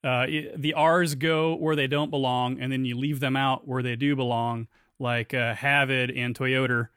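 A man hosting a podcast, joking about himself in a wry, quick-talking way before chatting casually with his guest. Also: medium pitch, steady tone, a bit bright, clean tone, no room sound, clean studio sound. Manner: wry, self-mocking jokes, quick delivery. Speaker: podcast host. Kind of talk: scripted intro then casual interview chat.

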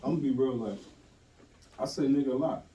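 A man talking in a casual group chat, blunt and animated, laughing often, using heavy slang. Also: medium pitch, brisk, recorded from a distance, dull audio, a little hiss or hum. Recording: roomy sound from off-mic.

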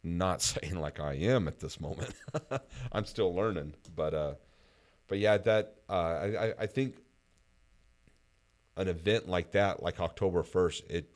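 A man's voice: low voice, a little slow, long pauses. A man hosting a casual conversation, talking reflectively with frequent fillers.

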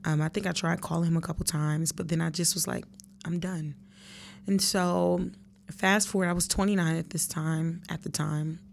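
Woman, 30s, podcast host, low voice, earnest and emotional, faint hum behind. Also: steady tone, normal speed, gravelly. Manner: emotional, earnest, addresses listeners directly. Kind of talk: personal storytelling monologue.

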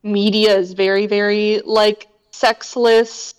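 A woman's voice: mid-range voice, flat delivery, slow, smooth, poor audio. A woman co-hosting a podcast in casual chat, with a wry, sardonic, opinionated way of talking. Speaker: podcast co-host.

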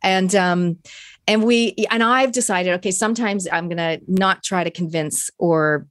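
A woman's voice: fairly low pitch, unhurried, dry recording, studio quality. A woman hosting a podcast, chatting in a reflective, enthusiastic way. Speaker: podcast host. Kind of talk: casual podcast interview.

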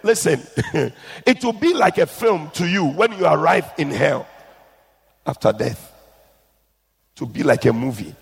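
A man's voice: a little high, expressive, a little slow, gravelly, breathy edge. A man preaching a sermon and retelling a testimony, pleading urgently with his listeners. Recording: echoey hall.

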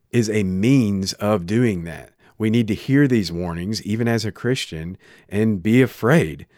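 A man preaching a sermon in a conversational way, retelling stories with lively restarts into a microphone. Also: on the low side, no room sound, clean studio sound. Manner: conversational, animated storytelling with frequent restarts. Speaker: pastor.

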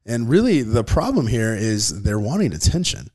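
A man's voice: lowish voice, very animated, moderate pace, a little mellow. A man in his thirties, a father co-hosting a podcast, talking earnestly and rambling with frequent restarts. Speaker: podcast co-host. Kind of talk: casual podcast chat.

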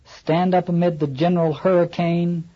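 A man's voice: sits high, little pitch movement, normal speed, highs cut off, voice pushed up. Man reading as a commanding old sea captain. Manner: declaiming archaic speech.

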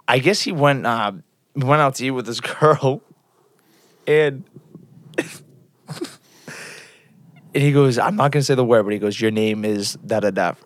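A man's voice: medium pitch, unhurried, pauses often, no echo. A young man co-hosting a podcast, rambling through crude stories with lots of swearing and laughter. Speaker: podcast co-host. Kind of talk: casual crude chat.

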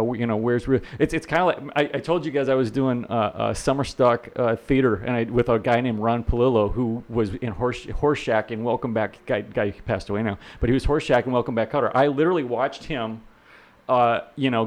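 On a podcast, a middle-aged man who teaches real estate tells laid-back, lively stories with plenty of laughter. He repeats words a lot and performs the quotes, speaking in a mid-range voice.

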